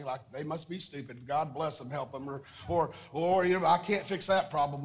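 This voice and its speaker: A man's voice: on the high side, normal speed, few pauses. A man preaching a sermon with prayer and call-and-response, emphatic and repetitive. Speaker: pastor. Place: church sanctuary. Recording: church hall reverb.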